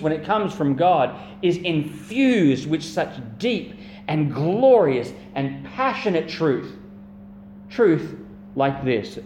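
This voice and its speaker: A man's voice: a little high, a little mellow. Earnest man preaching in an echoey room. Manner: earnest, emphatic preaching with repeated phrases and drawn-out key words. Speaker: pastor. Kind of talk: sermon. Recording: echoey room with faint hum.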